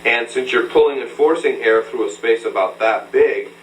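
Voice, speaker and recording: A vocal coach, a man with a mid-range voice at a moderate pace, guides a beginner singer through a hands-on breathing lesson in a room with a mirror. He's patient and instructive, often checking in with "okay?". The old-tape recording is roomy and distant with a faint hum.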